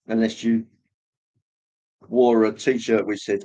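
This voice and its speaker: A man hosting a livestream, casually rambling as he reads viewer comments, with many pauses and fillers. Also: lowish voice, darkish tone. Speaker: livestream host reading chat. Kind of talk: casual chat.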